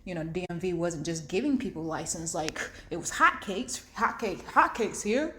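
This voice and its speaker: A young adult woman telling a story in a casual vlog while driving home in her car, animated, acting out what people said and laughing often. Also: on the low side, normal speed, a little hiss or hum. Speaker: vlogger.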